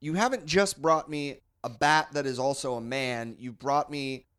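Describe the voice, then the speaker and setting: A man's voice: mid-range voice, normal speed, fairly bright tone, smooth. A man co-hosting a comedy podcast, bantering in a mock-exasperated way and laughing often. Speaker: podcast co-host.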